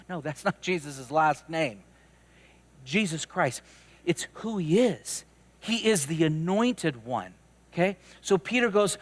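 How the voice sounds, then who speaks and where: Male pastor, high voice, chatty animated sermon, stammery restarts. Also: measured pace.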